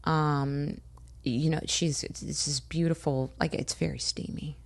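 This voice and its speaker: An American woman co-hosting a casual podcast chat, telling animated stories and acting out what people said. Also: low voice, unhurried, gravelly, no echo. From United States. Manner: animated storytelling, acting out quotes. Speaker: podcast co-host.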